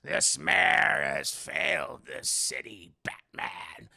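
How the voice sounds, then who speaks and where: A man voicing a sinister deformed male villain in a movie recap, with a slow, menacing growl. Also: mid-range voice, big pitch swings, creaky, sharp tone, dry recording, studio quality, voice pushed down, full character voice.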